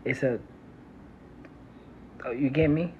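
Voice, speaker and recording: Speaking slowly at a medium pitch, a New York-accented herbalist from New York casually chats on a phone live stream, laughing often and calling everyone "y'all." The recording is slightly muffled, with faint city noise of trains and streets from her home near a train line.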